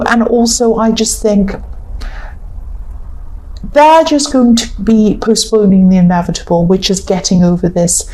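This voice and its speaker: A woman giving a love tarot reading, earnest and repetitive, her voice tired and croaky. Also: medium pitch, warm tone, poor audio. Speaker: tarot reader.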